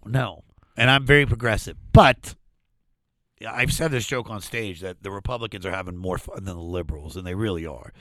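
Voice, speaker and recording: Animated, swearing male comedian telling stories. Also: lowish voice, a little fast, no echo, studio quality. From Washington D.C. area. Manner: animated, profane, acts out quoted voices. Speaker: comedian guest. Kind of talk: casual podcast storytelling.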